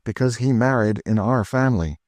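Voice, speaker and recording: An earnest young gentleman, read by a man. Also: mid-range voice, fairly quick, no room sound, studio quality, voice pushed up, close to an everyday voice.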